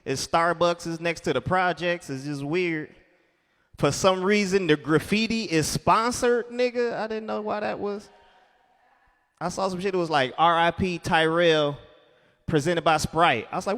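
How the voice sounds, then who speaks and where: A man with a high voice performs a stand-up comedy set, telling stories and slipping into characters. The sound carries the long reverb of a club hall. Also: normal speed, smooth. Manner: animated storytelling, acts out characters.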